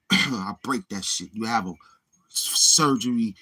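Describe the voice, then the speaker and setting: Husky trash-talking man. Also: fairly low pitch, slow, bright, forceful tone. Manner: taunting, boastful, calling out a heckler. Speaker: livestream host. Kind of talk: trash-talking livestream rant.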